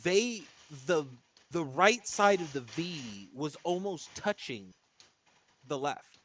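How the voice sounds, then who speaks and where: A man's voice: on the high side, very animated, slow pace, a bit bright, a little hiss or hum. A man co-hosting a podcast, chatting casually and reacting with the odd curse. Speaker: podcast co-host. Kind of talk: casual chat.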